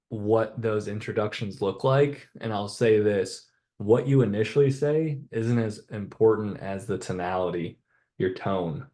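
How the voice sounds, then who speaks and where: A man giving a casual sales training on a video call, talking in a relaxed, chatty way and acting out sales lines. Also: lowish voice. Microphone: computer mic on a video call.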